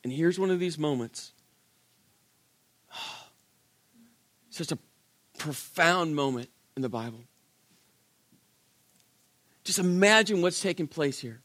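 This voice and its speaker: Animated high-voiced male preacher. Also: slow pace, pauses often. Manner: animated storytelling, acts out quotes, rhetorical questions. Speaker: pastor. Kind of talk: sermon.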